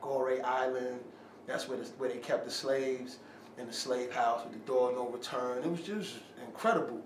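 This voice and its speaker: A man's voice: mid-range voice, moderate pace. A man telling a story in casual slang, acting out quotes and swearing as he goes. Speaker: rapper telling a story after an interview. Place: room, filmed by handheld camera. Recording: echoey room, from a distance, faint ambient noise.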